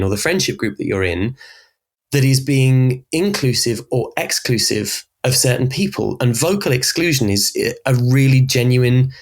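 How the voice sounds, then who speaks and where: A man with a Southern English Berkshire accent talks through ideas on a podcast in an animated, expressive way. His voice sits at an ordinary middle pitch, and he speaks as a guest giving clear explanations. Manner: expressive, animated explainer who often laughs. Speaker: voice coach guest. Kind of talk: conversational podcast interview.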